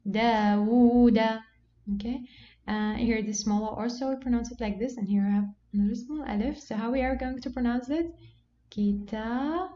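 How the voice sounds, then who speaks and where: A patient woman teacher explains step by step, pausing on "okay" and slowing down to model each word. Her voice sits fairly high and sounds mellow. The recording is dull and lo-fi, with a faint hiss behind it. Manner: patient, repeats "okay" often, slows to model words. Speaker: Quran recitation teacher. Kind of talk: explanatory lesson on reading marks.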